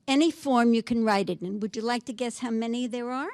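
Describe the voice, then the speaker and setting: A woman giving a poetry lecture in a library, reading verses slowly and then explaining them in a chatty way. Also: on the high side, a little mellow, no echo. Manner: reads verse slowly, then chats about it.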